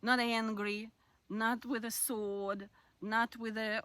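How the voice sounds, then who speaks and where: A woman talking through personal-growth advice in a candid, reflective way, laughing now and then and sometimes dropping to a soft near-whisper. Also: on the high side, little pitch movement, slow pace, slight background noise. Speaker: self-help speaker. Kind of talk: casual advice monologue.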